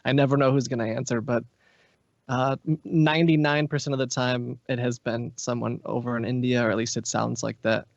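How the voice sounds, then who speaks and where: A man guesting on a podcast walks through long anecdotes in an even, mid-pitched voice. The sound is dry and close, with a slightly dull, muffled top end. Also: a little fast, creaky, no echo. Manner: explains at length in long stories. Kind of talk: casual podcast chat.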